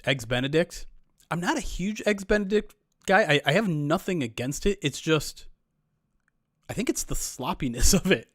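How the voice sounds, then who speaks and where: A man's voice: a little high, lively intonation, moderate pace, fairly bright tone, no echo, studio quality. Chatty man rambling on a stream. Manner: rambling and chatty, often restarting sentences. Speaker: streamer host. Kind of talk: casual live-stream chat reading viewer comments.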